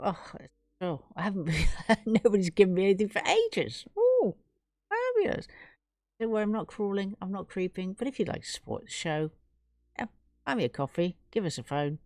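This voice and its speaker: A chatty, effusive woman from England hosts her live stream and thanks her viewers warmly. Her voice sits fairly low for a woman. The recording is dry and close. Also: dry recording. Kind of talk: casual live stream chat.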